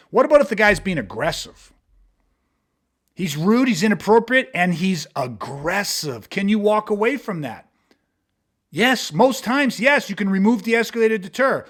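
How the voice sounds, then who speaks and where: A martial arts instructor with a high, slightly bright voice talks bluntly and emphatically in a podcast conversation. He swears freely while walking through street-confrontation scenarios.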